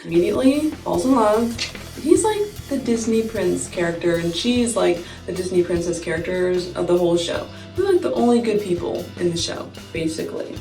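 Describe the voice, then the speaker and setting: Her lowish, mellow voice is animated and moves at a moderate pace as this young female vlogger tells a casual story during her makeup. Giggles and a steady stream of "like" fillers keep it chatty. Faint music plays in an echoey room, picked up by a distant mic.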